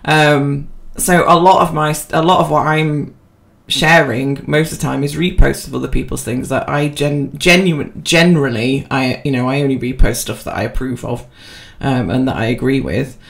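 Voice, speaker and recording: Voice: medium pitch, steady tone, moderate pace, gravelly, hardly any pauses. A podcast co-host chatting casually and rambling, with lots of fillers and restarts, self-deprecating. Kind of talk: casual chat.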